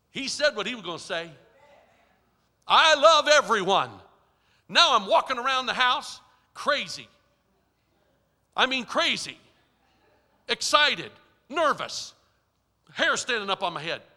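A man preaching a storytelling sermon, emphatic, with dramatic swings between soft and loud. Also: very high voice, big pitch swings, a little slow, pauses often. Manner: emphatic, dramatic shifts in loudness. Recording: long reverb of a large hall.

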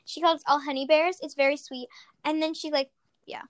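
A woman's voice: sits high, little pitch movement, a little fast, no echo, studio quality. A young woman co-hosting a podcast in casual chat, playful and jokey. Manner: playful, jokey, breaks into silly singing and mock readings. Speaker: podcast co-host.

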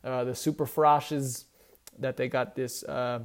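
A man's voice: mid-range voice, flat delivery, slow. A young man hosting a casual sports show, rambling and correcting himself as he talks enthusiastically about college teams. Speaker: sports podcast host.

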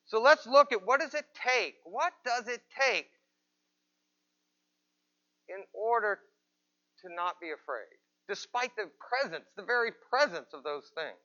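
A man's voice: high-pitched, expressive, measured pace, long pauses, pushed and bright, highs cut off. A man pastor giving a conversational sermon in church, asking rhetorical questions of the congregation. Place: church, with people present and some watching remotely.

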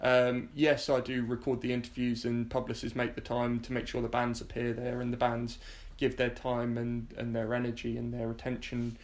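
A man's voice: mid-range voice, monotone, moderate pace, few pauses. A man hosting a podcast, thanking guests and listeners in a casual, rambling way with many fillers. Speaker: podcast host. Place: home sofa, in person with guest.

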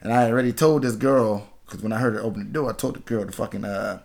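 A podcast host from Washington, D.C., a man in his thirties, tells a story in casual conversation with a lowish, gravelly voice at a fast clip. He swears freely, laughs, and animatedly acts out the people involved.

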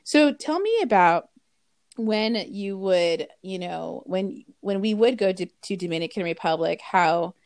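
A woman's voice: medium pitch, lively intonation, unhurried, no echo. A woman from the Los Angeles area, co-hosting a podcast and talking in an easygoing, reflective casual chat. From greater Los Angeles area. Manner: easygoing, reflective, prompting questions. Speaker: podcast co-host.

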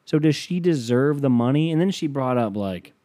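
A man's voice: medium pitch, expressive, normal speed, dark tone, no room sound. Podcast host, male, profane and self-amused, dry close mic. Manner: profane, riffing, self-amused, voice jumping up when worked up. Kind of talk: casual solo podcast rant.

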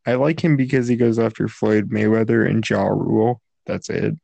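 A man's voice: lowish voice, steady tone, moderate pace, creaky, warm tone, no room sound. A man hosting a casual podcast chat, talking in a dry, teasing, opinionated way. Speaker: podcast host.

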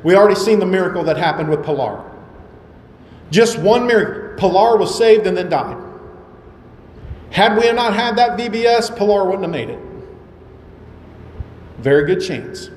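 A man's voice: high-pitched, expressive, normal speed, long pauses, darkish tone, a little hiss or hum. A male pastor preaching a sermon, emphatic and full of repeated rhetorical questions. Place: church sanctuary. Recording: echoey hall with faint ambience.

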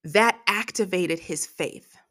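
A woman delivers a devotional sermon for her podcast at a slow, deliberate pace in a fairly low voice. She is emotional and close to tears, breaking off to pray aloud before returning to her point. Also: a bit bright. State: tearful, emotional. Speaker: podcast preacher.

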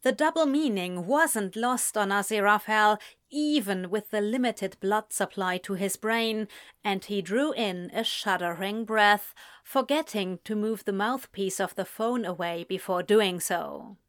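Slow, measured woman reading a story. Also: medium pitch. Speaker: narrator. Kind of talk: fan fiction reading.

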